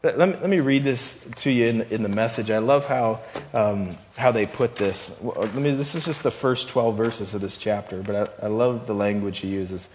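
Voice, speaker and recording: A man's voice: lowish voice, normal speed, darkish tone. A man preaching a sermon, reading scripture with rising emphasis and talking conversationally, with repeated phrases and restarts. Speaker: pastor. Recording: long hall reverb.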